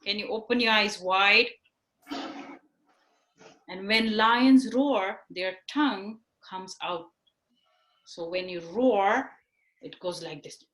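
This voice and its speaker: A woman teaching a children's yoga class over a video call, patient and encouraging, speaking slowly and clearly. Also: mid-range voice, fairly bright tone, distant mic. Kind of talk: online class instruction for children. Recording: echoey room on a video call.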